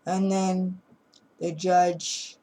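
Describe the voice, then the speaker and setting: A woman's voice: lowish voice, flat delivery, very slow, dark tone, poor audio. A woman casually retelling a movie plot in a rambling way, with restarts and chuckles. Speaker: movie reviewer.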